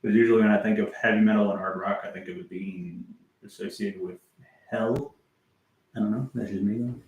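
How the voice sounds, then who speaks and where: A man's voice: on the low side, fairly even intonation, a little fast, darkish tone, dull audio, a little hiss or hum. A man chatting casually on a music livestream, rambling and meandering, swearing offhandedly and answering his chat as he goes. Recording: echoey room.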